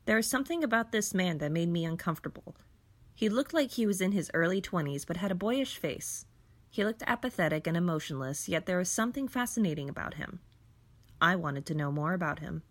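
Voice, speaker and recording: A woman reads a first-person story aloud in a somber, reflective manner. Her voice sits somewhat low. The reading is steady and measured. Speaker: narrator.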